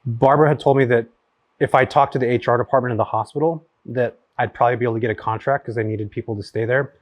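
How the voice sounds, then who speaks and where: A real estate investor, appearing as a guest, tells stories rapidly and animatedly from his home in a casual chat, using lots of fillers. His voice is medium-pitched, and the recording is dry.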